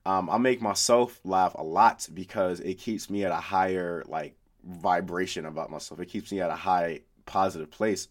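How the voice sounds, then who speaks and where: Deep-voiced young man, rambling podcast. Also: normal speed. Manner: casual, rambling, heavy fillers and swearing. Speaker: podcast host. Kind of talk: solo podcast monologue. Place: home room.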